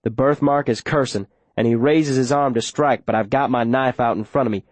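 A man narrating a story in the first person, steady and plain, with rural grammar. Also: medium pitch, brisk, no echo. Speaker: audiobook narrator.

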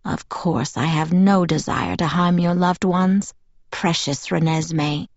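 A slow, caressing ancient male vampire leader, put on by a woman reading a storybook, lowered a little below her own voice. His words are soft and affectionate. The recording is dry and somewhat dull. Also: no room sound. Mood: silky.

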